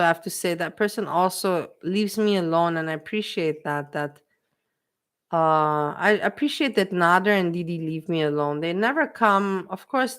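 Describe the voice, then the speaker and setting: An emotional woman hosts a casual livestream chat in a clean, somewhat low voice. She's repetitive and keeps talking to her chat.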